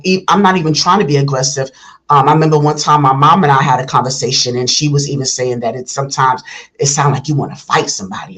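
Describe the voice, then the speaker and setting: A man's voice: mid-range voice, fairly bright tone. Earnest man with a carrying voice. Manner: earnest, rambling, many restarts and fillers; voice carries and rises when talking. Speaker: reaction video host. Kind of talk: casual reaction commentary.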